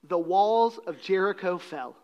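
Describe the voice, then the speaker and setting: A man preaching a sermon, swinging between loud, emphatic lines and hushed, quiet drops. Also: high voice, unhurried, lo-fi sound. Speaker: pastor.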